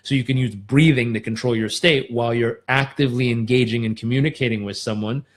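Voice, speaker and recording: A man's voice: medium pitch, fairly even intonation, a little fast. A man hosting a motivational live stream, coaching listeners with energy and demonstrating breathing exercises aloud. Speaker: host.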